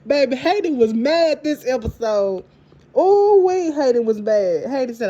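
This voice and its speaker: Animated woman recapping a TV episode. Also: high-pitched, unhurried, lo-fi sound. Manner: animated, laughing, repeats and restarts. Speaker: TV show reviewer. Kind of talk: casual recap chat.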